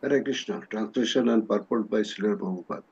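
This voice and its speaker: A man reading a scripture translation aloud to a class, steady with small restarts. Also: lowish voice, a little fast, creaky, breathy edge, lo-fi sound. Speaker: class reader.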